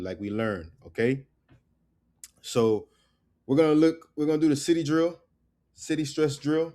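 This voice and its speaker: Guy teaching a chill online language lesson, real slow, repeats words, keeps saying right? okay?. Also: on the high side, big pitch swings, warm tone. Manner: drills words slowly, tags lines with "right?" and "okay?".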